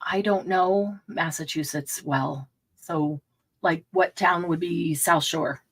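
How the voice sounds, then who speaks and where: A woman's voice: lowish voice, slow, a bit bright, breathy edge. A middle-aged woman hosting a casual live craft stream, chatting and laughing often and sometimes losing her train of thought.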